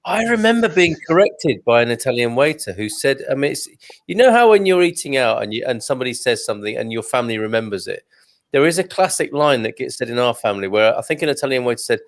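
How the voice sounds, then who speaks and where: A man in his forties leads a casual online wine chat. He jokes freely and drifts into long, rambling asides at a middling pitch. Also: big pitch swings, fast talker. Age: 40s. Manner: chatty, joking, rambling asides. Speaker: wine club host.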